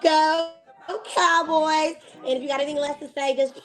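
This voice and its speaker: A woman with a Texan accent from Dallas, talking in a sassy, playful, animated way in a casual interview. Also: high voice, rapid-fire, faint music behind, rough recording. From Dallas, Texas. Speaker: interviewee, media personality.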